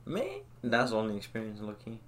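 A man's voice: on the low side, wildly swooping pitch, a little fast, fairly bright tone. A man chatting on a podcast with friends, joking and heckling. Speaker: podcast co-host. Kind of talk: casual chat. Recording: noisy background.

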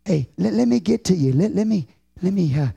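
High-pitched preaching pastor, dry sound. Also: male voice, animated, a little fast, gravelly, breathy edge, no room sound. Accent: Texan. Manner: preaching with sudden loud shouted peaks and hushed low stretches. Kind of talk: sermon.

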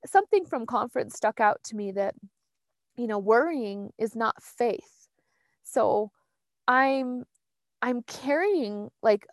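A woman's voice: on the high side, no room sound. A woman talking in a casual heartfelt chat, earnest and reflective, meandering and restarting as she goes.

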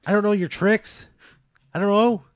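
A man co-host in casual chat, exasperated and swearing, often grumbling low. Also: fairly even intonation, normal speed, no echo, studio quality. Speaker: podcast co-host.

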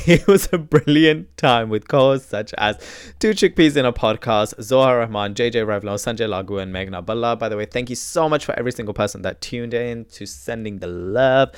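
A man hosting his podcast, chatty and animated, swinging from loud bursts to quiet asides. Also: on the low side, smooth, dry recording, clean studio sound. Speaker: podcast host. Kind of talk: solo podcast intro.

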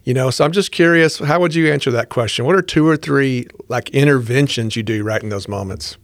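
A man's voice: medium pitch, a little fast, no echo. A man hosting a podcast, asking a guest long, winding questions about her work. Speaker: podcast host. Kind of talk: interview questions.

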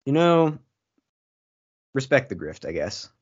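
A man's voice: mid-range voice, very animated, slow pace. A man co-hosting a podcast in casual comedic chat, sarcastic with dry jokes and frequent ums. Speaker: podcast co-host. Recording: dull lo-fi podcast audio.

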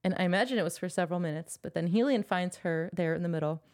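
A young woman co-hosts a relaxed book-club podcast, walking through the plot in a chatty, animated way. She laughs often, swears playfully, and slips into quoted lines as she retells the story. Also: on the low side, fast talker. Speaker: podcast co-host. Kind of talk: casual book discussion podcast.

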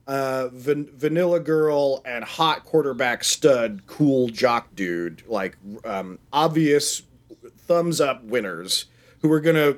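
A man in his thirties co-hosting a casual podcast chat, retelling a film in a rambling, profane, animated way. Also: mid-range voice. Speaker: podcast co-host.

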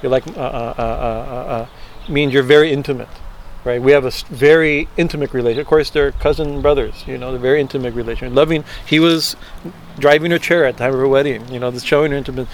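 A man giving a scripture class lecture, halting often with fillers and asking "right?" to his listeners. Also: medium pitch, steady tone, a little hiss or hum. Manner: halting, many fillers and tag questions. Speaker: scripture teacher.

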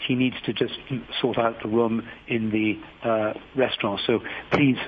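A man hosting a radio call-in show, reading out announcements slowly and haltingly, spelling things out letter by letter. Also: medium pitch, level tone, slight background noise. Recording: phone-like radio broadcast.

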